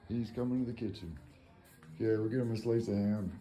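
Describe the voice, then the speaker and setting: A man's voice: big pitch swings, normal speed, mellow, soft background music. Man cooing at pets in sing-song. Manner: coaxing pets in a high sing-song voice, sprinkled with Spanish words. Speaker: live stream host. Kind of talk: casual chat with pets at home. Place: home kitchen.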